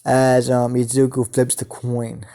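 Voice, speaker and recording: A man improvising a fan story, narrating haltingly with many filler sounds. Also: medium pitch, monotone, gravelly, mellow.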